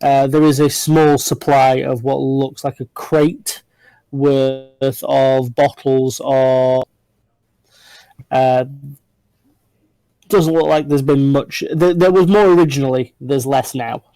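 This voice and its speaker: Game master guy narrating, slow and mellow, lots of ums, dry sound. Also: mid-range voice, fairly even intonation, clear, resonant tone, no room sound, rough recording. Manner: unhurried, with frequent um and uh fillers.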